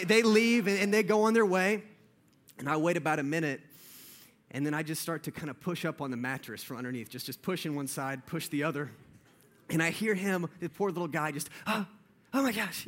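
A young preacher with a high, bright voice, addressing a congregation. He tells his story in an animated way and drops his voice low and hushed when building suspense. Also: a little fast. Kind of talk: sermon with personal story.

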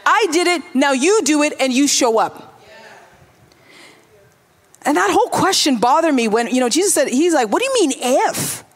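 A woman pastor preaching a sermon, acting out Bible dialogue in voices and breaking off with quick asides. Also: high voice, animated. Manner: quick asides, self-interrupting.

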